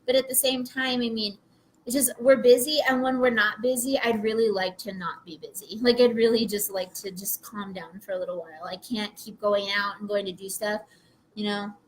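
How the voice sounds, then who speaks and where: A woman's voice: medium pitch, fairly even intonation, a little fast, slight background noise. A young woman co-hosting a casual podcast, talking animatedly, laughing often and swearing freely. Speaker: podcast co-host. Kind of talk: casual chat.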